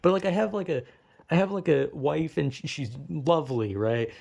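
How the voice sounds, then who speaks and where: A young man in his twenties, with a voice sitting a bit high for a man, rants in a loose, rambling monologue. He swears constantly and keeps a sarcastic edge, circling back on his own sentences. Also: animated, normal speed, creaky, darkish tone. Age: 20s. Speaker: vlogger. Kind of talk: casual monologue rant.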